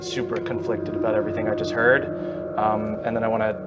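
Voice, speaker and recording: A man's voice: lowish voice, level tone, fast talker, lo-fi sound, loud music behind the voice. Hesitant man playing a tabletop game. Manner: hesitant, with many fillers. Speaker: player. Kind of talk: casual tabletop play.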